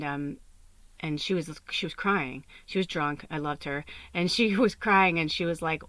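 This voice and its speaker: A spiritual medium from Chicago, hosting her podcast, speaks in a low but fairly bright voice with no room sound. She rambles confessionally about her life, swearing freely and peppering it with "like" and "you know."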